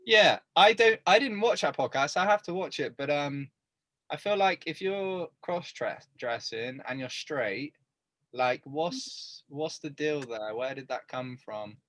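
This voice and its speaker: A man co-hosting a casual podcast, tossing out deadpan absurd jokes and easy agreement. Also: fairly high pitch, measured pace, dry recording. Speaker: podcast co-host. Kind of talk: casual chat.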